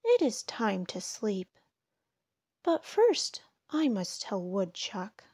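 A woman voicing a slow, plodding turtle in a storybook, muttering and calling out. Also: mid-range voice, very animated, a little mellow, husky, dry recording, clean studio sound, heavily acted.

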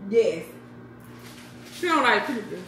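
A woman's voice: fairly high pitch, very animated, takes it slowly, fairly bright tone, reverberant, a little hiss or hum. A woman in her thirties chatting casually to her viewers in a home vlog, talking straight to them as "y'all". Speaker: vlogger.

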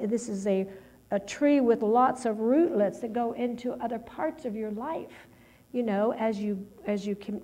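A woman's voice: mid-range voice, dark tone. A middle-aged woman preaching a personal testimony sermon, talking in a conversational, rambling way with many restarts and fillers.

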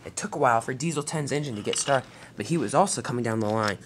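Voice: mid-range voice, animated, fast. A narrator reading a homemade toy-train story plainly, with occasional slips and faint noise behind.

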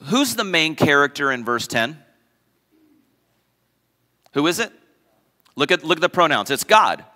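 A man's voice: a little high, animated, measured pace, pushed and bright, in a large hall. A man preaching a sermon as pastor, emphatic, repeating key phrases and asking the congregation questions. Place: church sanctuary.

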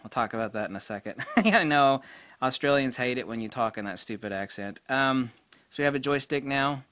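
Middle-aged guy ranting casually about a camera, crisp clear voice, blunt, swears a bit. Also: mid-range voice, a little fast, dry recording. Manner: blunt, excitable, peppered with mild swearing. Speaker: camera reviewer. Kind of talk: casual spoken product review.

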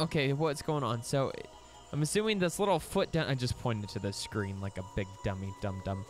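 A young man giving casual let's play commentary, excitable, breaking into squeaky high exclamations. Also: moderate pace, soft background music.

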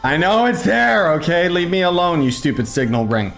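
A man gives casual let's play commentary with a high, lively voice. He jokes and bickers with the characters on screen. Faint game music plays underneath. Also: normal speed, vocal fry. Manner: playful, joking, talks back to the game.

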